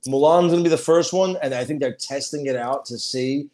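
A man's voice: medium pitch, a little fast, darkish tone. A middle-aged man in casual chat as a podcast co-host, profane and emphatic, stating strong opinions.

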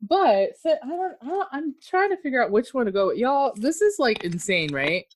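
Woman podcast host, chatty and expressive, voice bouncing all over. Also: on the high side, moderate pace. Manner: expressive, laughs often, chatty. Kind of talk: casual chat.

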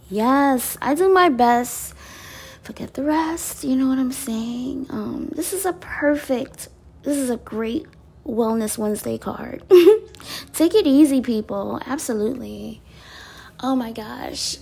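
A woman chatting casually with viewers as a wellness vlogger, bubbly and laughing often, sometimes dropping to soft breathy asides. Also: fairly high pitch, animated, slow pace, a little hiss or hum. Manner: bubbly, laughs often while telling stories.

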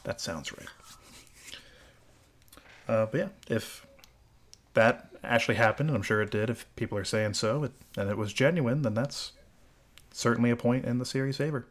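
A man hosting a casual podcast chat, measured and wry with a dry sense of humor. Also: medium pitch. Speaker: podcast host.

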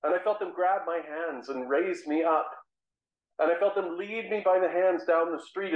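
A man's voice: a little high, highs cut off, natural voice. A man playing the fervent apostle Saul. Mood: remorseful. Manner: earnest, measured storytelling with dramatic pauses. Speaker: guest speaker. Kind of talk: first-person dramatic monologue. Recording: roomy echo.

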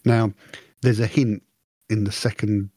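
A man co-hosting a podcast, his voice a little husky and breathy. He rambles through his thoughts in casual chat, poking fun at himself and acting out what went through his head. The sound is dry and close. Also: fairly low pitch, flat delivery, measured pace, mellow, dry recording. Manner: rambling, self-mocking, acts out his own thoughts. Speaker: podcast co-host.

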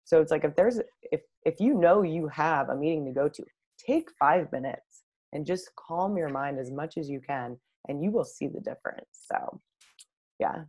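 A woman's voice: low-pitched, expressive, normal speed, darkish tone. A woman who works as a life coach, speaking as a guest in a casual podcast interview, friendly and talkative with frequent fillers.

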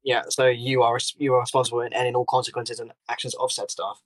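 A man's voice: mid-range voice, fast talker, dry recording, poor audio. A man co-hosting a podcast, telling workplace stories in casual chat and swearing freely. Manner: swears freely, animated storytelling. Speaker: podcast co-host.

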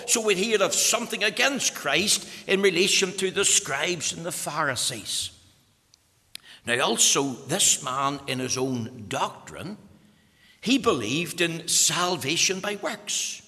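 A man's voice: a little high, pushed and bright, in a large hall. A man preaching a sermon, explaining scripture in an emphatic way and addressing the young people listening.

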